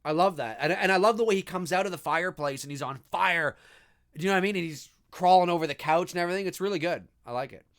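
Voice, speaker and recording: A man hosting a live movie commentary, talking in an animated, enthusiastic and rambling way. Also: high voice, fast talker. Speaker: host.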